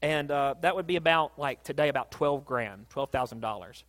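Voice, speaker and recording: A man preaching a sermon, telling a Bible story in a casual, animated way that builds to excited peaks. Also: mid-range voice, normal speed. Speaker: pastor.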